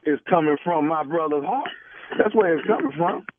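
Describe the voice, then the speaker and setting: A man's voice: a little high, animated, normal speed, background noise, lightly acted. A man making a radio prank call, earnestly pressing the callee while posing as a grieving brother. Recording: tinny phone line.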